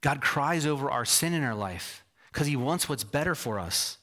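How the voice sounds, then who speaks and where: A man's voice: medium pitch, animated, moderate pace, pushed and bright. Male pastor mid-sermon; emphatic, asks the room questions, pokes fun at himself. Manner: self-deprecating asides.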